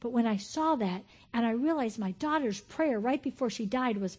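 A woman in her fifties preaching a sermon, swinging between loud, excited exclamations and hushed, whispered asides. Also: a little high, moderate pace. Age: 50s.

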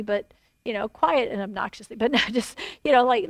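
A middle-aged woman preaches, recounting her story in an animated, rambling way. Her voice sits a little high. The recording is dry and close. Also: moderate pace, no room sound. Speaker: pastor. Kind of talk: sermon testimony.

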